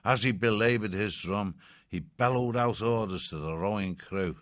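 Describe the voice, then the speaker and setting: A man reading an adventure story aloud as an audiobook narrator, measured and expressive. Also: on the low side, no echo, clean studio sound.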